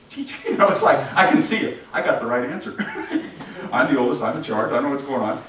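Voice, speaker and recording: Crowd noise surrounds a pastor preaching an interactive sermon in a church sanctuary. He's animated, quizzing the congregation and acting out scenes at a moderate pace in a medium-pitched voice. The distant mic makes the room sound echoey.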